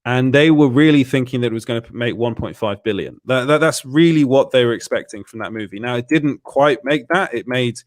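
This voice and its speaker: A man's voice: mid-range voice, a little fast, few pauses, no room sound, clean studio sound. A man hosting a casual live-stream chat, often repeating words as he restarts his sentences. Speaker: show host.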